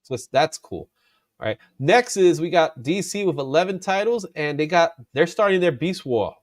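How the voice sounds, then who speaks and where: A man hosting a casual comic book chat, animated and laughing often, drawing out his exclamations. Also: on the high side, normal speed, dry recording, studio quality. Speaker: comic book show host.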